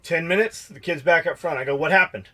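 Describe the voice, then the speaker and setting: A man's voice: on the high side, brisk, bright, forceful tone. A middle-aged man co-hosting a podcast, telling profane shop stories in casual chat and acting out both sides of the dialogue. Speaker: podcast co-host and shop owner.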